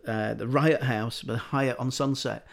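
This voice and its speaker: A man's voice: mid-range voice, steady tone, unhurried, creaky. A middle-aged man telling anecdotes in casual chat, acting out the voices of people he quotes.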